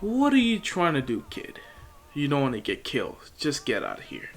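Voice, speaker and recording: Man playing mocking older villain, higher-pitched, scheming, faint music. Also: huge pitch swings, moderate pace.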